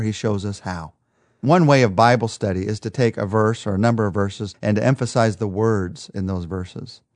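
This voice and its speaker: A man's voice: medium pitch, darkish tone, dry recording, studio quality. A man giving a daily devotional Bible lesson in an emphatic teaching manner, asking rhetorical questions and repeating phrases for emphasis.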